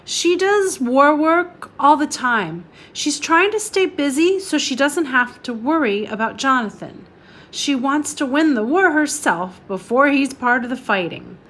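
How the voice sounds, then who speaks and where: A woman voicing an injured, chatty upper-class girl in a read-aloud novel, talking in a brisk, complaining way. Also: sits high, expressive, a bit bright, voice pushed up.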